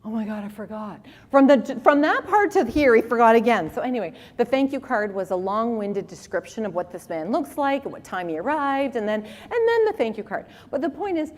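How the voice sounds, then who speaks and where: A woman in her forties giving a conference talk with animated, humorous storytelling. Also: high voice. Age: 40s. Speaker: conference speaker. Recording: long reverb of a hall.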